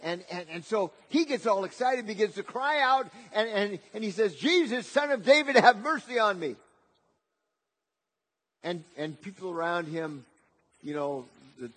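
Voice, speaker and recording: Man preaching, high-pitched voice, husky tone, repeats words, swings from loud to hushed. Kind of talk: sermon.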